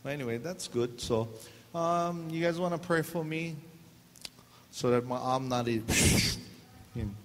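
A man's voice: on the high side, measured pace, long pauses. Man, pastor, joking sermon, long church reverb, faint hiss. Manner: joking, animated, acts out dialogue. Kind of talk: humorous sermon storytelling.

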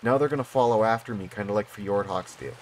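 A man giving casual commentary on his own gameplay, excitable and prone to bursts of delight. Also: lowish voice, quick pace, slight background noise. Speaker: gaming YouTuber.

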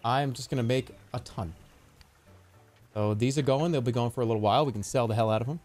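A man streaming a game live, giving excitable, profane, self-mocking commentary as he plays. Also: mid-range voice, quick pace, soft background music.

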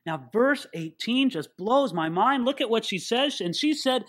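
Man, pastor, sermon teaching, high voice, bright tone, conversational, emphatic. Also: animated, measured pace. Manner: conversational, joking asides, emphatic. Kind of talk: expository Bible teaching sermon.

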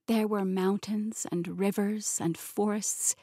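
A woman narrating a fantasy audiobook in the first person with smooth, even pacing. Her voice sits in a middle range, recorded close and dry in a studio with no room sound. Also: medium pitch, slow, no room sound. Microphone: close studio mic.

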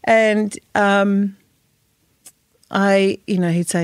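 A woman's voice: medium pitch, steady tone, slow pace, long pauses, dry recording, studio quality. A woman, speaking frankly and emotionally as a podcast guest, swearing and laughing now and then. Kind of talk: candid podcast interview.

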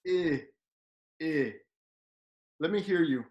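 Co-teacher, playful, lively, medium pitch, echoey room, video call. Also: slow, long pauses. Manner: lively, playful, acts out dialogues. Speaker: co-teacher and translator. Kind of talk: casual classroom chat. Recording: roomy echo.

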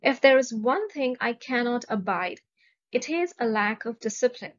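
A woman with an Indian English accent teaches vocabulary in a slow, deliberate lesson, pronouncing each word with care and reading example sentences aloud. Her voice is a little high and expressive, and she keeps a moderate pace. The recording sounds dull and lo-fi.

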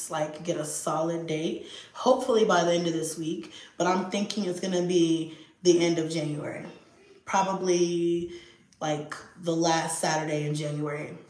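A young adult woman chatting casually to her viewers, lively, swearing freely and acting out her kids' voices. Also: fairly low pitch, normal speed. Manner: animated, acts out voices of her kids. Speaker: video host. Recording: echoey room.

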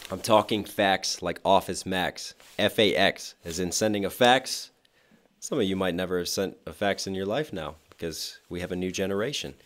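A hoarse man, a rapper, reacting to a song and animatedly explaining its wordplay line by line. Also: deep voice, normal speed, a bit bright. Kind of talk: music reaction commentary.

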